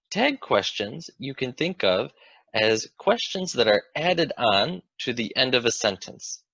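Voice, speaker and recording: A man's voice: mid-range voice, fairly bright tone, no room sound, dull audio. A man teaching an English grammar lesson, explaining patiently and asking the viewer questions.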